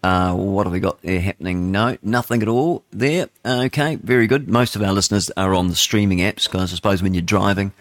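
A man's voice: deep voice, a little fast, few pauses, no room sound, clean studio sound. A man with a New Zealand accent hosting live talk radio, rambling and opinionated, with plenty of fillers and chuckles. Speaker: radio talk show host. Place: radio studio.

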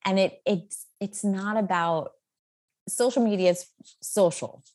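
A woman in her thirties chats as an interview guest, upbeat and quick with fillers and easy laughter. Her voice sits at an ordinary middle pitch. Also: a little mellow. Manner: upbeat, chatty, many "like" fillers, laughs often. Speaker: guest, social media creator. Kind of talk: casual interview chat.

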